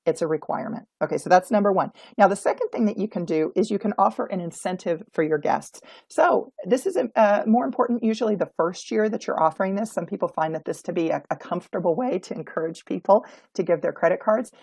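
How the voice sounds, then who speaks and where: A woman's voice: mid-range voice, lively intonation, fast, gravelly, few pauses, a little mellow, slightly rough, no echo. A woman, an auction consultant, giving emphatic coaching tips in an instructional video. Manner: emphatic, coaching tone, acts out example dialogue.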